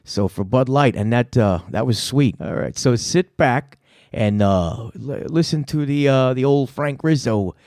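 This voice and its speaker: A middle-aged man tells a story casually and at length, swearing freely and leaning on fillers. His voice sits at an ordinary middle pitch. The sound is dry and close. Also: expressive, unhurried, a little mellow, no room sound. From New York City. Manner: rambling, profane, lots of fillers. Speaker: comedy show host telling a story.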